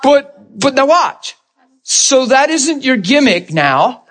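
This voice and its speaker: A man preaching a sermon, telling stories in an animated way and jumping up in pitch when he acts them out. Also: slow pace. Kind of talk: storytelling sermon.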